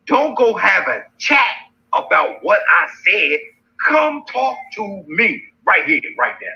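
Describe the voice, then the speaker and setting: A man's voice: high-pitched, big pitch swings, slow pace, pushed and bright. A man hosting a livestream, mocking and challenging his critics in a taunting rant. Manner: mocking, challenging, repeats insults. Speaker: livestream host. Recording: dull lo-fi stream audio.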